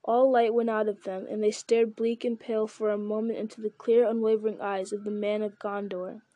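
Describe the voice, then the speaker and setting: A woman's voice: mid-range voice, level tone, fairly quick, warm tone, no room sound, highs cut off. A woman reading a novel aloud in a plain way, with small stumbles. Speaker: reader.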